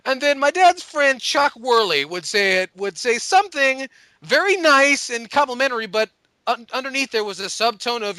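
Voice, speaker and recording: A man's voice: extremely high pitch, lively intonation, brisk, sharp tone, no room sound. A man hosting a podcast with a sore throat, ranting casually in a profane, rambling, joking way. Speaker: podcast host.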